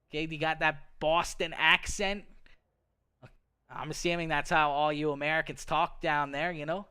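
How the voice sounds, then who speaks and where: His pitch fairly high and intonation fairly even, a Canadian-accented man talks at a moderate pace in a sharp yet smooth voice. He's a livestream host at his home streaming setup, chatting casually and playfully, laughing often and appending "okay" to his lines.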